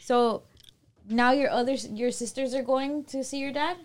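Supportive woman co-host, higher voice. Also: fairly even intonation, normal speed. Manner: supportive, short reactions and follow-up questions. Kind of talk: casual chat.

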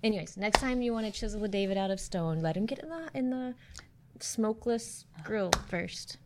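A woman co-hosting a podcast in casual chat, teasing her partner with quick comebacks. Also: medium pitch, expressive, background noise. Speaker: podcast co-host.

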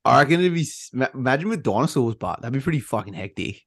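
A young Australian man hosting a casual podcast chat, laughing often and swearing freely in relaxed banter. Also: mid-range voice, fast, breathy edge, dry recording, studio quality. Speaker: podcast host.

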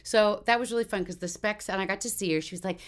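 A woman's voice: medium pitch, very fast, a bit bright. A woman guest who is a voice actor, chatting casually in a bubbly, rambling way, slightly tipsy. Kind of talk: casual interview chat.

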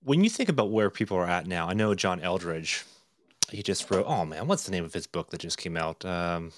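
A man's voice: low-pitched, expressive, fairly quick, dry recording. A man hosting a podcast who asks long, rambling questions full of fillers. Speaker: podcast host. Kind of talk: podcast interview.

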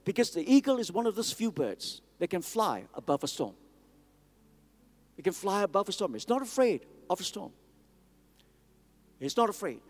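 A man's voice: high-pitched, sing-song, moderate pace. A man preaching a sermon, emphatic and repetitive, calling on the congregation to answer back. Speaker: pastor. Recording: long reverb of a large hall.

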